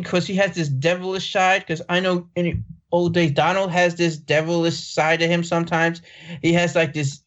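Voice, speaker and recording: Rambling co-host on a muffled mic. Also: mid-range voice. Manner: rambling, lots of "like" and "um". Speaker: podcast co-host. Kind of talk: casual cartoon review chat.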